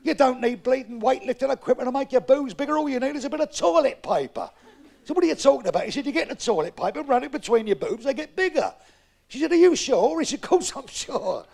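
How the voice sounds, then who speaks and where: A man with a London Cockney accent doing a bawdy live stand-up routine, with a gravelly voice and punchy, brash delivery. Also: very high-pitched, expressive, fast talker, darkish tone. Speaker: stand-up comedian. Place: comedy club stage. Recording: live club recording with crowd. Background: audience murmur and laughter.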